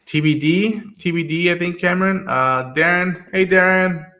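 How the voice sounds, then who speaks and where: A man hosting a casual live-streamed podcast, retelling scenes quickly and acting out the lines. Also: high-pitched. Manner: quick, animated retelling of scenes with acted-out quotes. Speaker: podcast host.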